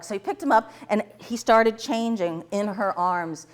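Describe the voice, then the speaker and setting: A woman teaching a tapping workshop, telling client stories to a live class, laughing often and acting out the dialogue in lively voices. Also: medium pitch, brisk, hardly any pauses.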